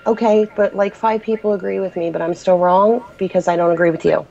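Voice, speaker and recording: A woman's voice: medium pitch, steady tone, brisk, gravelly, warm tone, a little hiss or hum. A woman moderator arguing in an online voice chat, curt and dismissive. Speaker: forum moderator. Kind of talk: heated voice chat argument. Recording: dull lo-fi mic.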